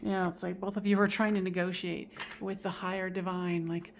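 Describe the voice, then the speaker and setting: A woman giving a general tarot reading in a casual, expressive way, swearing now and then and laughing at herself. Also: fairly low pitch, brisk, slight background noise. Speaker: tarot reader.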